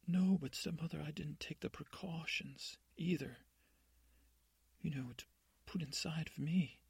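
Brief: man voicing a frightened young princess, sobbing and pleading, husky and dry. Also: on the high side, measured pace, a little mellow, no echo, voice pushed up, exaggerated voice. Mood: tearful pleading.

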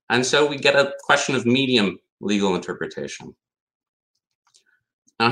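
A man delivers an academic lecture with a bright, forceful voice. He reads passages of law aloud and presses emphatic rhetorical questions. His pitch sits in an ordinary middle range. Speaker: conference speaker on law.

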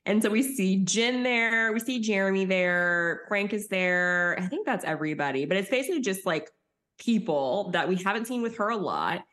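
A young woman co-hosting a podcast, chatting casually and animatedly while recapping a reality show. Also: normal speed. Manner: animated, acts out quotes with high voices. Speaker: podcast co-host.

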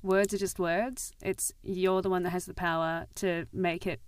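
A young woman with an Australian accent, a former kids' TV host, chatting as a podcast guest, animated and quick to laugh as she acts out quotes. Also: fairly low pitch, clean tone, dry recording. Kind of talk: casual chat.

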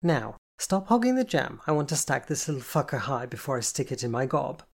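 A narrator voicing a brash, foul-mouthed, bossy young woman who talks loudly and bluntly and teases. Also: medium pitch, very animated, a little fast, creaky. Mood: insistent. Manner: loud, teasing, blunt.

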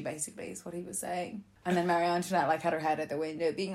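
Chatty woman, lowish voice. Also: fast, few pauses. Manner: chatty and animated, laughs often, acts out quotes. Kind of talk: casual storytelling chat.

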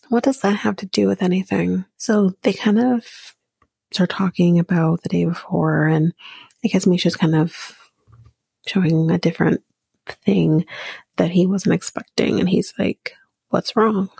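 A woman hosting a podcast, recapping a reality show in casual chat, blunt and sarcastic, swearing freely and slipping into soft whispery asides. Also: on the low side, fairly even intonation, unhurried, gravelly, pauses often, breathy edge, no room sound.

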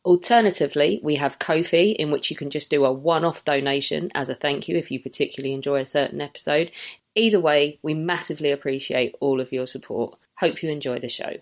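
Upbeat podcast host reading the intro. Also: medium pitch. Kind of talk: scripted show intro.

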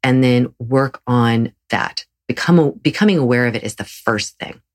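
A woman's voice: extremely low pitch, moderate pace. A woman hosting her own podcast as a yoga teacher, talking earnestly and encouragingly in a solo episode, with frequent restarts.

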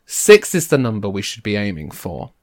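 A man in casual banter with friends, animated and jokey, with sudden bursts of excitement. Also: lowish voice, moderate pace, gravelly. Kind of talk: casual chat.

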